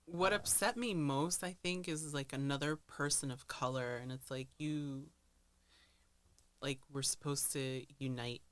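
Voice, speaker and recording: Earnest podcast co-host, mid-pitched. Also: steady tone, measured pace, a bit bright. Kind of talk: casual chat.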